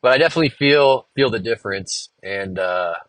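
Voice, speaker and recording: A man's voice: on the low side, expressive, fairly quick, a bit bright, dry recording. A man hosting a solo podcast, rambling casually and venting with a lot of swearing. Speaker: podcast host and musician.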